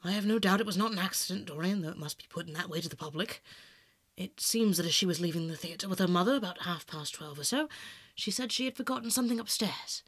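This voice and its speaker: A man reading aloud, voicing a worldly, cynical older male aristocrat who speaks smoothly and persuasively, in a dry, close sound. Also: sits high, quick pace, fairly bright tone, dry recording. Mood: urbane. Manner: smooth, epigrammatic, coolly persuasive. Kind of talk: audiobook narration.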